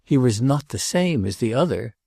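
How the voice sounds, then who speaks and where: Tormented jealous prince in a storybook, high-strung and pleading, dark gravelly tone, as a male reader does him. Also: moderate pace, no room sound, studio quality. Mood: agitated. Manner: excited, pleading, repeats himself. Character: jealous agitated nobleman, tormented.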